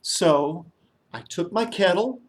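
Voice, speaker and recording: A fairly high-pitched man leads children through a story as their minister. He is animated and playful, prompting call-and-response lines and acting out echoes that fade away. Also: slow pace. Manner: mimics a fading echo by repeating words softer.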